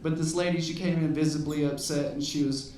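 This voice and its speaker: A man in his thirties works a comedy club stage with a stand-up set, rambling along in a laid-back way and dropping plenty of "you know"s. His voice sits on the high side, steady and warm, moving fairly quickly. The mic is distant and the roomy recording picks up the audience laughing.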